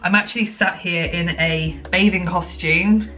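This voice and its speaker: A young British vlogger chats casually to camera indoors at home, slightly out of breath and rambling with plenty of ums and likes. Her voice sits on the low side, steady, a little slow, pushed and bright.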